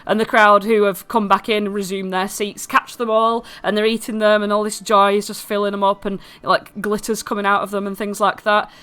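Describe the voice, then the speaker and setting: A woman's voice: medium pitch, little pitch movement, a little fast, hardly any pauses, a bit bright, clean tone. A woman narrating a tabletop game as game master, describing scenes loosely with many fillers. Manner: rambling, filler-heavy description.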